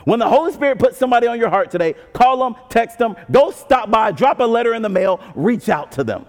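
A man preaching a sermon as pastor, conversational and animated, with frequent asides to the congregation. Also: very high-pitched, fairly quick. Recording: long hall reverb.

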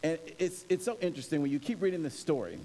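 Long reverb and a faint hiss from the hall surround a pastor who talks fast in a high, widely swinging voice. His sermon is casual and animated, built on stories and acted-out scenes.

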